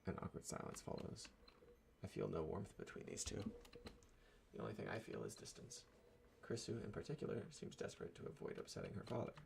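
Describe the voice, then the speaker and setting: A man reads a visual novel's narration aloud, measured and subdued. His voice is deep and gravelly, and his pitch moves widely across the lines. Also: big pitch swings, a little mellow, slight background noise. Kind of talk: reading a game's narration aloud.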